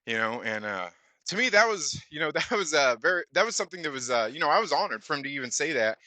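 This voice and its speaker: A man's voice: fairly high pitch, sing-song, fast, bright, forceful tone, no echo. A man hosting his own channel, telling a casual story full of fillers and acting out the dialogue. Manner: rambling, many fillers, acts out dialogue. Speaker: channel host.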